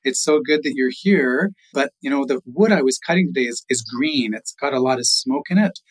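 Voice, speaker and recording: A man's voice: medium pitch, normal speed, husky, natural voice, low-quality recording. A man voicing a tired, grumpy male trickster spirit in a told legend, speaking in a weary, put-upon way. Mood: coaxing.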